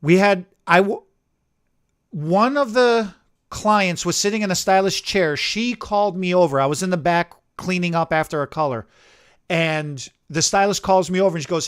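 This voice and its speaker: High-voiced man telling a salon story. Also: moderate pace, clean tone. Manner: animated anecdote telling, acting out quotes. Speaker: salon owner and stylist. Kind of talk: casual chat, storytelling.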